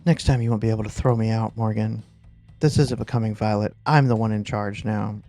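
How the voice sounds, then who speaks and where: A man's voice: fairly low pitch, steady tone, brisk, mellow, faint music behind, close to an everyday voice. A man voicing a sleazy, arrogant ex-rocker rival who speaks in a sneering way.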